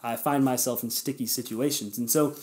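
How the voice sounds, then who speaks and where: Brisk and steady, this podcast host's mid-range voice carries a darkish tone. He encourages his audience in a relaxed, sincere way, speaking right to them, and his motivational chat is peppered with fillers and corrections of himself.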